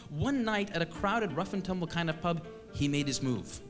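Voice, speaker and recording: Guy from eastern canada doing a deadpan funny story on stage, voice swoops around, music in the back. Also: on the high side, normal speed. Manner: wry, deadpan self-mocking delivery. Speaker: comedian storyteller. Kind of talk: comic storytelling monologue. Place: stage at a live show.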